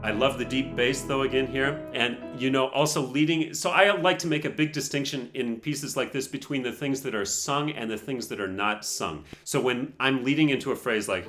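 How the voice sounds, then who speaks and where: A man's voice: mid-range voice, normal speed, hardly any pauses. A man teaching piano while reacting to a performance, analytical and frankly opinionated, humming melodies to make his points. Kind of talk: explanatory reaction commentary.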